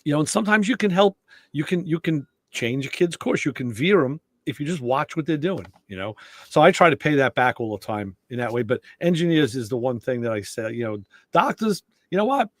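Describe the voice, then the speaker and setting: A middle-aged man hosts a relaxed podcast chat and tells stories with energy, slipping into the voices of the people he quotes. His voice sits somewhat high for a man. The recording is close and dry. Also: fairly quick, dry recording. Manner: storytelling, animated, acts out quoted dialogue. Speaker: show host. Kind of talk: casual podcast conversation.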